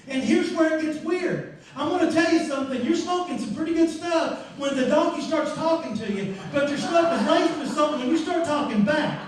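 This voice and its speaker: A man pastor preaching a sermon, telling a story with lively acted-out voices and sudden shouts. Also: extremely high pitch, a little fast, hardly any pauses. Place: church sanctuary. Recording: echoey church room, mic far off.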